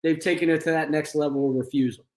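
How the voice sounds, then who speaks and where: A man's voice: on the high side, steady tone, fast talker, a little mellow, reverberant. A man hosting a training session, explaining crisis de-escalation steps to an online audience. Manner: explanatory, acts out examples. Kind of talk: instructional talk.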